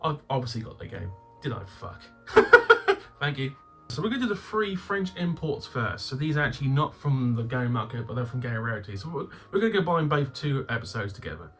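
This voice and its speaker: Lively man swearing casually. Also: medium pitch, a little fast, soft background music. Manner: swears freely, bursts into loud laughter. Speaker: game collector channel host. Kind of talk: casual unboxing chat.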